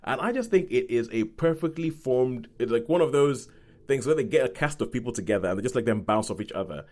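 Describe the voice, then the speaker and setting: A man's voice: mid-range voice, animated, a little fast, a little mellow. A man hosting a podcast, chatting casually and rambling through a review, correcting himself as he goes. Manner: rambling, self-correcting, acts out quoted voices. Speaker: podcast host.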